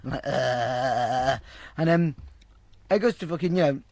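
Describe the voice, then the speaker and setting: A man's voice: on the high side, fast, dark tone, dry recording. A man telling a rambling, profane story in a casual interview, acting out the voices of the people in it. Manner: rambling, heavily profane, acts out quoted voices.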